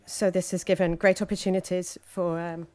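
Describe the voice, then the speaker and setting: A woman's voice: fairly low pitch, flat delivery, darkish tone. Hesitant woman interpreting a conference talk. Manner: hesitant, frequent fillers and halting phrases.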